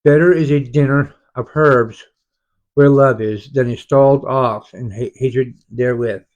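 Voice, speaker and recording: A man leading an online Bible study, reading verses slowly and explaining them, often stumbling and restarting words. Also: mid-range voice, darkish tone, dull audio. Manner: halting, frequent self-corrections and restarts. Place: home, online group study.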